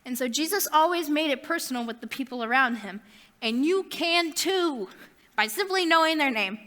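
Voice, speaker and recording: A woman's voice: high voice, expressive, moderate pace, a bit bright, in a large hall. A young adult woman giving a casual youth sermon, chatty with self-deprecating asides. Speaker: youth ministry speaker.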